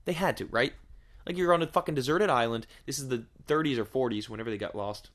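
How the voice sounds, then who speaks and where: A man's voice: mid-range voice, fast, a bit bright. A man riffs casually on his podcast in a crude, joking way. He swears constantly and keeps asking rhetorical questions as he rambles. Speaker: podcast host. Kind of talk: casual comedic podcast monologue.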